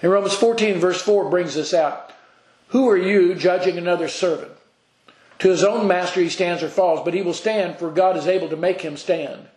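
Male preacher, higher-pitched voice, earnest and halting with frequent restarts; sermon recorded in an echoey church hall. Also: a little mellow. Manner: earnest, halting with repeated restarts, reads scripture aloud. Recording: echoey room.

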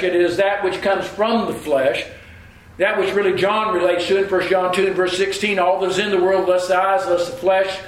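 A man delivering a sermon in a high, light voice, walking listeners through scripture and punctuation. He talks in a deliberate teaching tone, often doubling words as he restarts. The sound carries a noticeable room echo. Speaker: preacher.

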